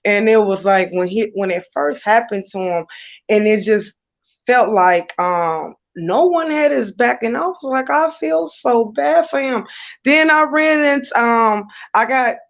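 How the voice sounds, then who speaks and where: A woman's voice: a little high, a little slow, dull audio. A woman from Chicago joining a stream as a caller, talking hesitantly with lots of ums. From Chicago, USA. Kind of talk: casual chat.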